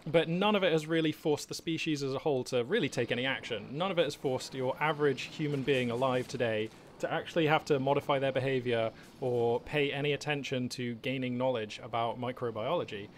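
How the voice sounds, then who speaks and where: A man's voice: medium pitch, brisk, few pauses, a little hiss or hum. Chatty rambling Englishman with lots of fillers. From England. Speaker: gaming channel host. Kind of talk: casual unscripted monologue. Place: small cluttered hobby room at home. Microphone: webcam setup.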